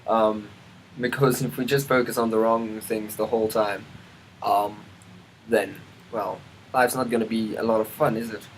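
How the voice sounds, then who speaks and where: A man with a fairly low voice talks through a relaxed, meandering vlog monologue. He keeps stopping and restarting, trails off into ums, and drops little asides mid-thought, with a faint hum of ambience behind him. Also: normal speed, rough recording. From South Africa. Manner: rambling, self-interrupting, many ums and restarts; chatty, asides to the weather. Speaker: vlogger. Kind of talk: casual rambling monologue.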